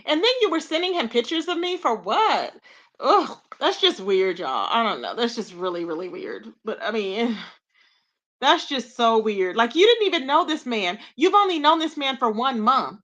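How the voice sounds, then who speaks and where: A high-pitched woman hosts a chatty gossip livestream and keeps talking straight to her viewers. Her voice is bright and sharp, and her speech has features. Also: sing-song, normal speed. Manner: chatty, greets viewers by name, calls them babe and child. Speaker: YouTube commentary livestream host. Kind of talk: casual livestream gossip commentary.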